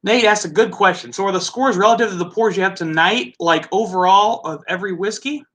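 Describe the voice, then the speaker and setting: Bright, high-voiced chatty man. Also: fairly quick. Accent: Midwestern American. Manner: chatty, musing aloud, laughs easily. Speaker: host. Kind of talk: casual live tasting chat.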